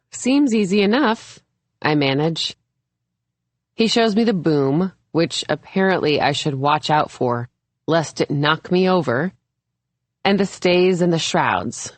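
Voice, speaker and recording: A woman reads a first-person thriller aloud at a slow, measured pace. Her voice sits low, and the close recording is dry, with no room around it. She lifts her tone a little for the characters' lines. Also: no room sound. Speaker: audiobook narrator. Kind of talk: scripted narration.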